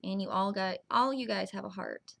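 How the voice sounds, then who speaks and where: A young woman vlogging straight to the camera in an earnest, reassuring way, speaking slowly with small restarts. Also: mid-range voice, creaky, bright, forceful tone. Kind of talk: heartfelt direct-to-camera vlog.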